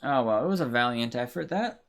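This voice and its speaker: A man's voice: mid-range voice, expressive, fairly quick, creaky. A man giving casual, rambling commentary while live-streaming a racing game, grumbling and swearing at it. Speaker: livestreamer.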